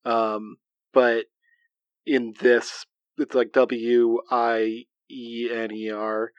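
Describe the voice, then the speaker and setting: A man's voice: medium pitch, flat delivery, drawn-out words, no echo, highs cut off. A man reading a children's gamebook aloud to friends, chuckling between passages. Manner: reads narration aloud, laughs between lines. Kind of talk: reading aloud with casual chat.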